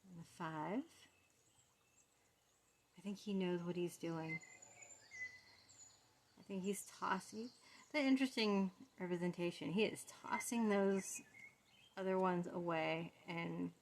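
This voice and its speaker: A woman giving a casual walkthrough of a tarot deck, soft-spoken and fond as she muses over each card. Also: fairly low pitch, slow pace, long pauses, noisy background.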